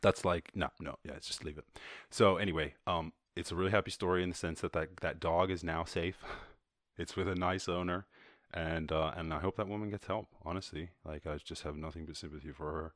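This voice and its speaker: A man's voice: low voice, fairly even intonation, a little fast, a bit bright, dry recording, studio quality. A man with an Irish accent hosting his show, casually commenting on a video in a loose, profane way with frequent laughs. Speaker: host.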